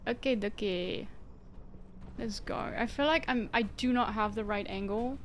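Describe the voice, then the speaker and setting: A woman talks a little slowly in a medium-pitched voice, with slight background noise, during a casual gaming live stream. Frequent jokes and laughter punctuate her chat as the dance pad tires her out.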